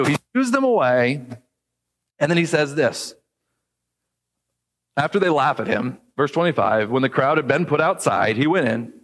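A pastor delivering a sermon with a slightly high voice that echoes with long reverb through a church hall. He keeps it conversational and acts out the voices in the stories he tells, then slows down to read scripture aloud. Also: a bit bright.

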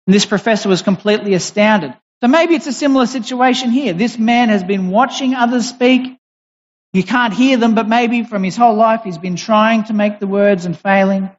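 A preacher delivers a sermon deliberately and emphatically in a mid-range voice, pausing and restarting while explaining. The recording is dull and set in a reverberant hall.

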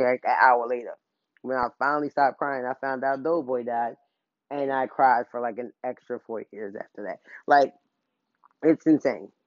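A man speaks casually and at length about himself, wandering between thoughts and undercutting them with jokes at his own expense. His voice sits at a middle pitch. The recording is dull and muffled, with a dry, close sound. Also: no room sound. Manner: casual, rambling, self-deprecating humor. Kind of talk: candid personal monologue.

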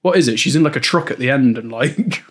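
A man's voice: medium pitch, animated, fast talker, slightly rough. A man co-hosting a podcast, chatting casually about films with dry, understated jokes. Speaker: podcast co-host.

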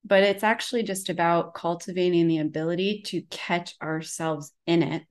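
A woman's voice: on the low side, steady tone, normal speed. A woman wellness practitioner talking casually and at length, rambling with lots of fillers as she tells a story. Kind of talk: casual conversation.

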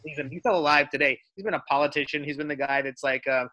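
A man in a casual chat, telling stories in an animated way with lots of restarts. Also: fairly high pitch, dull audio. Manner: animated storyteller, fast, full of restarts. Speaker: guest.

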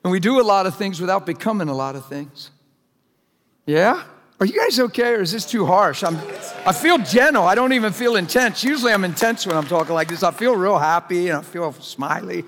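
A middle-aged male preacher delivers a sermon in a loose, conversational way, peppering the congregation with questions. His voice sits high for a man. The sound rings with a long reverb from a large hall. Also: lively intonation, fairly quick, fairly bright tone, a little hiss or hum. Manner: conversational, jokey, presses the crowd with questions.

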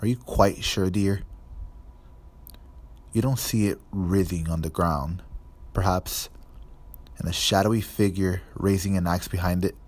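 A man's voice: sits low, fairly even intonation, a little slow, long pauses, darkish tone. A man voicing an airy, dreamy female divination teacher who calls the boy dear.

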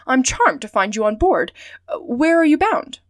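A woman's voice: high voice, big pitch swings, moderate pace, dry recording, studio quality. A woman voicing a cheerful, trusting male manservant in a storybook reading, with eager, amiable talk.

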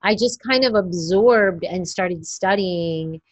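A woman's voice: on the low side, takes it slowly, no room sound. A woman in her forties from New York, telling stories in an interview and acting out quoted voices. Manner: animated, acts out quoted voices. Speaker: guest, newborn photographer. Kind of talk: interview storytelling.

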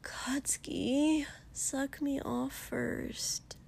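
A woman reading the part of a needy young man, breathy and pleading. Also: extremely high pitch, little pitch movement, drawn-out words, darkish tone, slight background noise, pitched above the performer's own voice, heavily acted.

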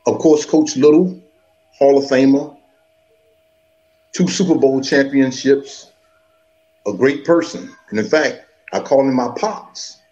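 A man from South Florida, a former college football player, speaking slowly and earnestly as a guest on a call-in chat. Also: mid-range voice, warm tone, highs cut off. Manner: slow, earnest and heartfelt. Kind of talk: casual chat on a phone call.

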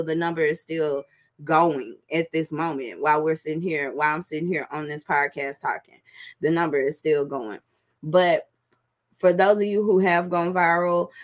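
A middle-aged woman hosting a podcast, talking casually and profanely to her viewers, with drawn-out fillers. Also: fairly low pitch, fairly bright tone. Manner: loose, profane, drawling with fillers. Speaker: podcast host.

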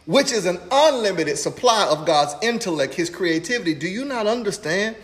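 A man preaching in a lively, conversational way, his voice sitting fairly high. He drives points home by repeating them and slips into casual asides. The sound carries a long reverb, as in a big hall. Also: normal speed. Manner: animated, conversational preaching with playful retelling and repetition. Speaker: pastor. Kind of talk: sermon. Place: church room streamed online.

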